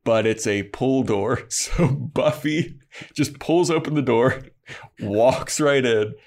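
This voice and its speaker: A man's voice: medium pitch, slow pace. A young man co-hosting a podcast, casually recapping an episode and acting out the characters' lines. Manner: animated retelling, acts out characters' lines. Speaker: podcast co-host.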